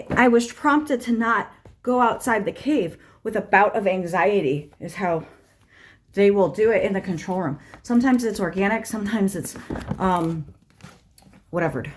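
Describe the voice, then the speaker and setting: A woman's voice: medium pitch, normal speed, long pauses. A woman hosting a tarot channel, talking in a rambling, profane, wry solo monologue at home, walking between rooms as she talks. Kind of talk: casual stream-of-consciousness monologue.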